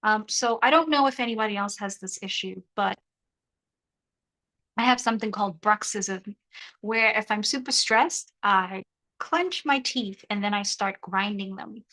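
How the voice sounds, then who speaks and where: A woman's voice: medium pitch, measured pace, sharp tone, poor audio. A young woman hosting a casual live stream, joking and reading the chat aloud while half of her mouth is still numb from dental surgery. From South Africa.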